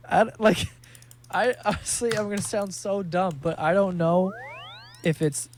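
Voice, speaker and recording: A young man from New York City, a gaming streamer, talks casually while playing, spinning animated stories with lots of swearing and laughing. His voice sits high, and he speaks slowly with frequent pauses against slight background noise.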